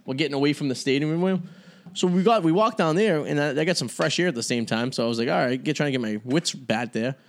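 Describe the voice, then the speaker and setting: A man's voice: fairly high pitch, quick pace. A man hosting a podcast, telling a rambling story in casual chat and swearing freely. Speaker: podcast host.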